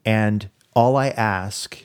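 A man voicing a loving soul who speaks slowly and tenderly, pleading to be remembered. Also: low voice, darkish tone, no room sound, studio quality, close to an everyday voice. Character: loving soul who agrees to hurt another.

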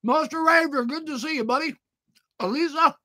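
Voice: high voice, normal speed, no room sound, studio quality. A livestream host chatting playfully with viewers while talking through a mouthful of food. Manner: playful, greets viewers by name, exclaims loudly. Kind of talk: casual live-stream chat.

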